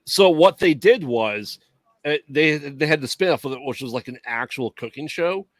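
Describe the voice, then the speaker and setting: A man co-hosting a podcast, chatting casually and explaining things in a relaxed, easygoing way. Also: a little high, moderate pace, no echo. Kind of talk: casual chat.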